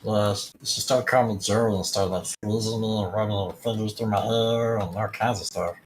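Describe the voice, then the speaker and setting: A player speaking in character in a tabletop game, cheeky and deadpan. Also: mid-range voice, normal speed, slight background noise.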